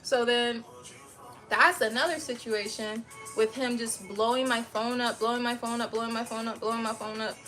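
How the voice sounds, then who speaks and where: A young adult woman telling a heated personal story in casual livestream chat, profane and animated, acting out what people said. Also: a little high, normal speed, faint music behind. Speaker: livestream host.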